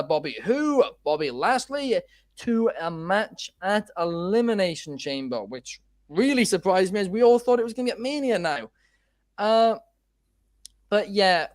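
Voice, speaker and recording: A man's voice: high-pitched, dry recording. A man co-hosting a casual wrestling chat show, talking in a loose way with plenty of fillers and restarts. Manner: chatty, frequent fillers and restarts. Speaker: podcast co-host.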